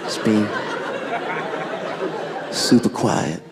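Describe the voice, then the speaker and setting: A man telling a story on stage as a stand-up comedian, animated and full of "like", laughing through his lines. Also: extremely slow. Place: comedy stage before a live audience. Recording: live audience crowd noise. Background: audience laughter.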